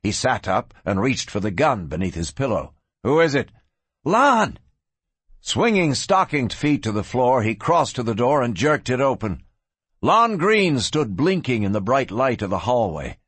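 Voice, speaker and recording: A man narrates a western audiobook in a measured storytelling style. His voice is husky with a lively, expressive pitch, recorded dry and close. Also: no room sound. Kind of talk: scripted narration.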